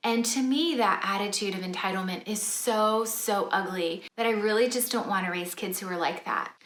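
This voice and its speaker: Earnest, measured woman, mid-pitched, casual mom chat; roomy kitchen echo. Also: a bit bright. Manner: earnest and measured, explaining her parenting rules. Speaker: mother and family vlogger. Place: home kitchen table.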